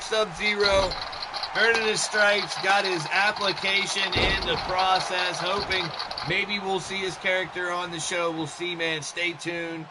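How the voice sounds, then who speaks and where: A man doing joking, excitable solo play-by-play for a wrestling game show he hosts. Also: a little slow, very noisy. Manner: excitable, joking, shouts and jumps in pitch at big moments. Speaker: wrestling commentator and show host.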